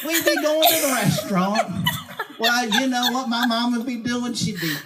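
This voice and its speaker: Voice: medium pitch, animated, moderate pace, natural voice. Someone playing Emma Lou Harris, chatty church lady. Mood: folksy. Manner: folksy, rambling, laughs through her lines. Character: chatty small-town church lady, woman, storytelling. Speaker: stand-up comic character. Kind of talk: live stand-up storytelling. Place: karaoke night at a venue. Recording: loud background noise, clicking.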